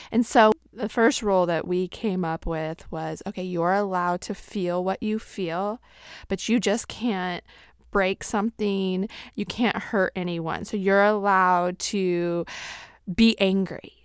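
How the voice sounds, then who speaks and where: A woman's voice: mid-range voice, clear, resonant tone, no echo, studio quality. A woman hosting a podcast, candidly telling personal stories and acting out what people said. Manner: candid storyteller, acts out quotes with bursts of speed. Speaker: podcast host. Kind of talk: personal reflective talk.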